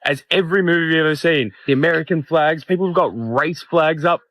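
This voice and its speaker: A man from Australia vlogging his travels, excitable and amused. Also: fairly high pitch, brisk, no echo. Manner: excitable, amused, laughing often. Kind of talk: travel vlog.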